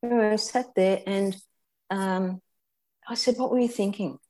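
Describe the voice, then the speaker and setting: An older Australian woman telling a personal story as an interview guest, candid and reflective, halting often and restarting. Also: mid-range voice, steady tone, warm tone.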